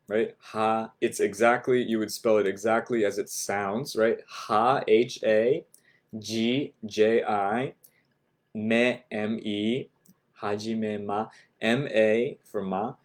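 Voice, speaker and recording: A man teaching a beginner language class, patiently repeating phrases, spelling them out and checking in with "right?" after each point. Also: mid-range voice. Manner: says "right?" after nearly every point.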